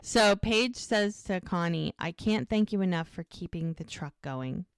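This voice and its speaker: This woman's voice is on the low side, clear and resonant, delivered at a measured pace. As a podcast co-host she casually recaps a TV episode, acting out the characters' lines in lively voices, all in echo-free, studio-quality sound.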